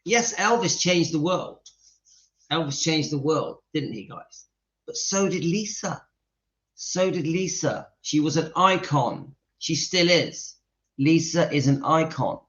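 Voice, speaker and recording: A man's voice: fairly high pitch, expressive, takes it slowly, a bit bright. A man hosting a casual live stream, chatting to viewers in a sentimental, friendly way and greeting them by name. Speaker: livestream host. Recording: dull lo-fi audio, faint music behind.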